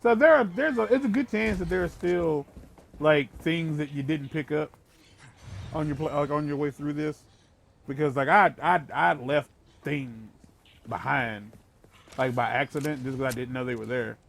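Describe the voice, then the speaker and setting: Young male let's play host, gravelly and chatty, rambling commentary while gaming. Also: a little high, normal speed. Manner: chatty and rambling, swears casually.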